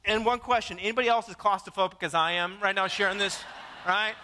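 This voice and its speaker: A man pastor preaching a sermon, telling a story with lively repetitions and jokes to his congregation. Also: sits high, quick pace. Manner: animated storytelling with repeated words and jokes. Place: church sanctuary. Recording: long church reverb.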